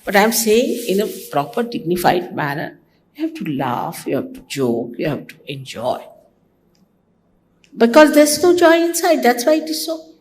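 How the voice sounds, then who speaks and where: Older woman teacher, lively teasing speech. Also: normal speed. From India. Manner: conversational, teasing, mimics others with sudden pitch jumps. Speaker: spiritual teacher. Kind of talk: devotional talk to followers. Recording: archival talk recording.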